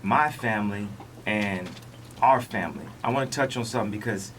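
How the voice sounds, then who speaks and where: A man speaking as a radio interview guest, talking in slow, halting phrases that he often restarts. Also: lowish voice, fairly bright tone, recorded from a distance, a little hiss or hum, low-quality recording.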